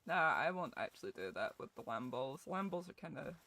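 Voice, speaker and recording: A woman's voice: very deep voice, very animated, brisk, bright, forceful tone. A young Scottish woman streaming a game, joking and swearing as she chats with her viewers. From Scotland. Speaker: gaming streamer. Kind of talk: casual game commentary with chat.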